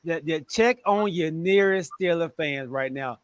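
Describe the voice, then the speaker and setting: A man hosting a casual sports podcast, greeting listeners with energetic shout-outs. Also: a little high, unhurried, clear, resonant tone, no room sound. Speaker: podcast host.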